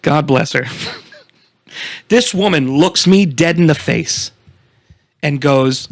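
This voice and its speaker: Animated young man telling a story. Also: a little high, slow pace, creaky, pauses often, dry recording, clean studio sound. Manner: animated storytelling, swearing, laughing often. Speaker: podcast co-host. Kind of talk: casual chat.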